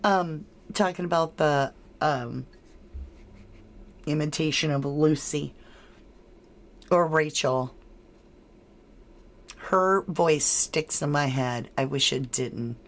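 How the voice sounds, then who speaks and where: A woman hosting a true-crime livestream, chatting with viewers, reading their comments aloud and running a poll, laughing often. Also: low voice. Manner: chatty and unhurried, laughs often, drawn-out words. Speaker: livestream host.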